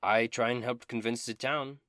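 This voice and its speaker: A man's voice: mid-range voice, steady tone, normal speed, a bit bright, dry recording, clean studio sound, voice pushed up, lightly acted. A man voicing an ambitious, self-important male bard, speaking formally. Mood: scheming.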